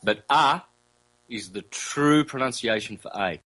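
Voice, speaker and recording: A man, a guest in an interview, explaining at length in a loose conversational way, often repeating himself and sounding out vowels slowly. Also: medium pitch, pushed and bright, rough recording. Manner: loose, conversational, with fillers and self-corrections.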